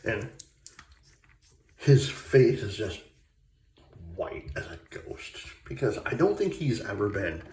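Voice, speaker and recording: Guy rambling thru a story in a bathroom, lowish voice, a bit far off the mic, echoey. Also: very animated, slow pace, long pauses, background noise. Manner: rambling, filler-heavy anecdote with quoted voices. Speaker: shaving vlogger. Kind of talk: casual storytelling. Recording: echoey room, mic at a distance.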